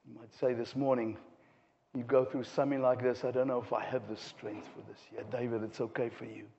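A man preaching a sermon, swinging from hushed low asides to raised, impassioned passages. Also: level tone, brisk, gravelly. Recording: dull sound with long hall reverb.

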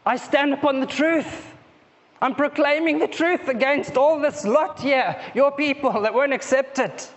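A male preacher with a fairly high voice delivers a sermon in a conversational way, often tagging his points with "okay?" and a soft laugh. He moves between raised, emphatic declarations and low, intimate asides. The sound is muffled and lo-fi, with a long reverb trailing off the walls of a church hall. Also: measured pace.

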